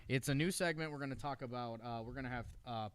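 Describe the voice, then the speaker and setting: A man's voice: mid-range voice, quick pace, clean tone, no echo. A man co-hosting a live sports talk stream. He sounds laid-back and teases his partner dryly. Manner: laid-back, dry teasing. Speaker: sports show co-host. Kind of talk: casual live-stream chat.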